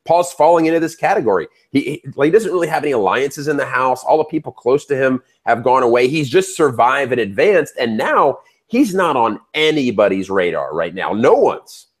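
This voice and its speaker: A man's voice: mid-range voice, brisk, few pauses. Jokey young man co-hosting a recap. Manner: animated, jokey, asks questions. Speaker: co-host, superfan. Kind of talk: casual recap chat.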